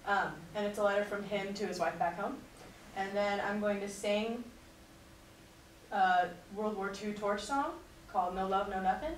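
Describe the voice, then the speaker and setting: A woman giving a class presentation and a dramatic reading of a letter, in an earnest, measured delivery. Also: mid-range voice. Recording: echoey room recorded from a distance, faint noise.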